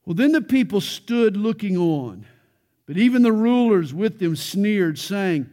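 A man's voice: sits high, animated, measured pace, warm tone. A man preaching a verse-by-verse Bible sermon, earnest and building to emphatic peaks, with light jokes along the way. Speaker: pastor.

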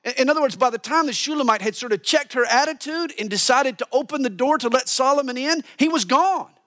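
A man preaching a sermon as a pastor, animated and earnest, dropping to hushed asides for emphasis. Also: very high voice, a little fast. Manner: animated preaching, mimics voices for quotes.

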